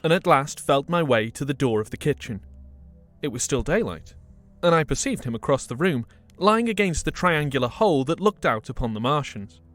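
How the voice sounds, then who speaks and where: A man's voice: a little high, animated, moderate pace, fairly bright tone, soft background music. Chatty male podcast host. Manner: chatty, self-mocking asides. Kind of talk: casual intro and book reading.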